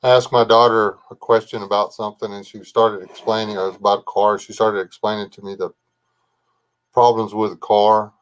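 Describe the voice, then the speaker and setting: A man's voice: fairly low pitch, level tone, brisk, clean tone. An older man, rambling casually as he hosts a livestream, greeting viewers by name and chatting about his family. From Texas. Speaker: livestream host. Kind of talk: casual live chat reading comments.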